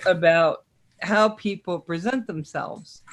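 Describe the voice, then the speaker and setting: A woman's voice: fairly low pitch, slow pace. Woman, co-host of a live drone chat; chatty, teasing, loves a story. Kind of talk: casual live-stream chat.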